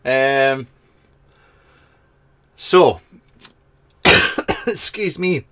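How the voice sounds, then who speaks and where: In a garden shed in Scotland, a man reviewing vaping products reads his viewers' comments aloud and jokes around on a casual live webcam chat, full of ums and restarts. His voice is mid-range and expressive, with a sharp tone and a very slow delivery.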